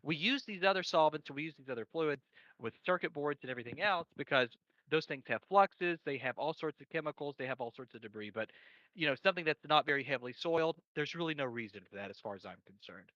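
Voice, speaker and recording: On a dull, dry lo-fi recording with no echo, a man guesting on electronics repair rambles about cleaning gear, restarting often and joking crudely. His voice is on the high side, a bit bright, animated and quick.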